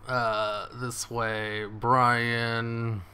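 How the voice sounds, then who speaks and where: Man, gamer commentary, excitable, cursing, bright clear voice, home desk mic. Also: medium pitch, extremely slow. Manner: excitable, swears, laughs often. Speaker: gaming streamer. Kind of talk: live game commentary.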